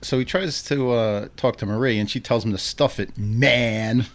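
A man's voice: medium pitch, fairly quick. A man co-hosting a podcast, recapping a film in casual chat and chuckling through his sentences. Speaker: podcast co-host.

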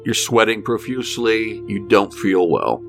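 A man running a tabletop game as game master, calm and matter-of-fact. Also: lowish voice, unhurried, vocal fry, over music.

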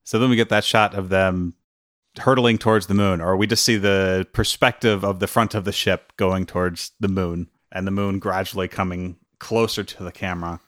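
A man with a low voice co-hosts a casual film discussion, walking through scenes and chuckling as he goes. The sound is dry and close, with no room around it. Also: fairly even intonation, moderate pace, fairly bright tone, dry recording. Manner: chuckles often while recapping scenes. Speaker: podcast co-host.

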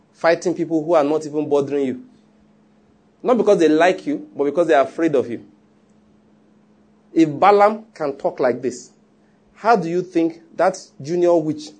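A pastor delivers a sermon in a slightly raised, husky voice. His tone stays mellow and dark even as he presses his points home. He teases his listeners and repeats himself for emphasis. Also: fairly high pitch. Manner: emphatic, teasing preaching with repetition.

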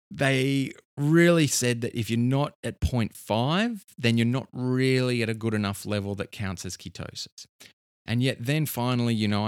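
A man's voice: lowish voice, dry recording, studio quality. A man explaining his own diet and training experience in a casual monologue, thinking aloud with frequent restarts.

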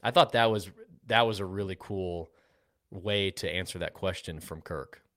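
A man's voice: low-pitched, normal speed, fairly bright tone, no room sound. A man co-hosting a casual sports talk show, explaining points steadily with examples. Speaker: podcast co-host.

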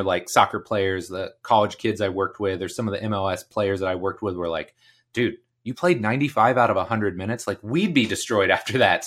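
A man's voice: on the low side, a bit bright. A man hosting a podcast Q&A, answering listener questions in a casual, chatty way and leaning on fillers like "like" and "you know". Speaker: strength coach and podcast host.

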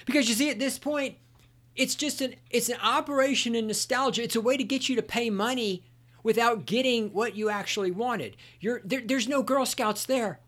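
A man's voice: very high voice, normal speed, a bit bright. A middle-aged man hosting a solo podcast, telling stories in a sarcastic, profane rant. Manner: ranting, profane, sarcastic storytelling. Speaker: podcast host.

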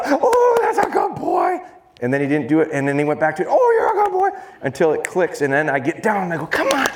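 A man, a dog trainer, giving a lively live seminar talk to an audience in a large expo hall, often joking. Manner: lively, jokey, acts out high baby-talk voices to dogs. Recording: echoey hall with faint noise.

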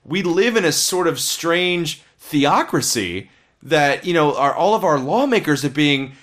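A man's voice: fairly high pitch, expressive, measured pace, a bit bright. A man co-hosting a casual podcast, rambling and opinionated as he reviews films, swearing freely. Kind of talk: casual chat.

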